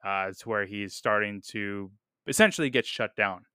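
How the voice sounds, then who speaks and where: A man's voice: fairly low pitch, normal speed, bright, forceful tone, clear, resonant tone, no echo, studio quality. A man talking through a film review on his podcast, upbeat and casual, with lots of fillers and repeated words. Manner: enthusiastic, many fillers, repeats "really, really"; laughs at quotes he reads.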